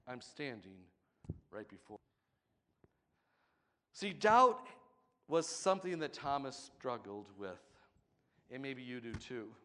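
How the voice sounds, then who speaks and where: A man's voice: mid-range voice, a bit bright. A man preaching a sermon, building to emphatic passages and having the congregation repeat scripture with him. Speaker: pastor.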